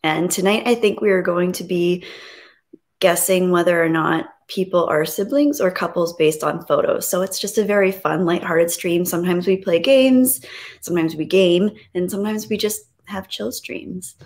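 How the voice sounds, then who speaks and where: Her voice is fairly low and her pace moderate as she hosts a casual live stream. The woman greets her viewers, reads their messages out loud, and speaks softly and reflectively about grief.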